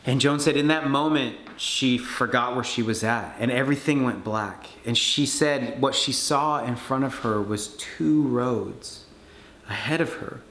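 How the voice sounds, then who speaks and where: A man speaking at a conference, telling a story in an animated way and acting out the people he quotes. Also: medium pitch, unhurried. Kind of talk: storytelling talk. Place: conference hall. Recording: echoey room with faint background noise.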